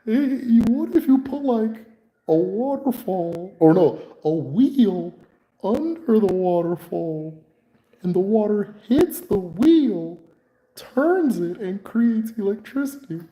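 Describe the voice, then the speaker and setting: A man doing a squeaky, rambling patient. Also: lively intonation, dark tone, reverberant, rough recording. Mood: eager, dismissive. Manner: high, squeaky, halting with many "like"s. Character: eager, rambling, touchy male psychiatric patient.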